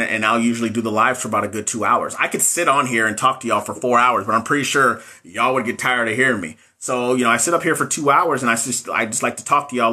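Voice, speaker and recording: Man, bright tone, middle pitch, casual live-stream coaching, motivational, chats with viewers. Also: slightly rough. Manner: motivational, talks straight to viewers, reads out comments.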